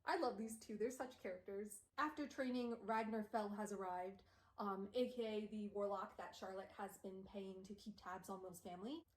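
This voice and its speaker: A woman's voice: medium pitch, fairly even intonation, normal speed. Chatty young woman streamer, echoey room. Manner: chatty, sarcastic, heavy use of "like". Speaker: VTuber streamer. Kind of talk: casual book recap. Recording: roomy echo.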